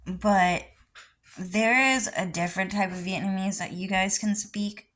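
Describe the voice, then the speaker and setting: A woman's voice: medium pitch, fairly even intonation, unhurried, fairly bright tone, low-quality recording. A young adult woman rambling through a personal vlog monologue, lecturing insistently and repeating herself again and again. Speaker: vlogger.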